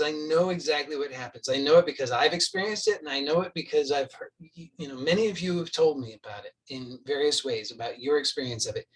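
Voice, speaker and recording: A man's voice: fairly high pitch, recorded from a distance, rough recording. A man giving a spoken spiritual teaching, earnest and insistent, repeating points for emphasis.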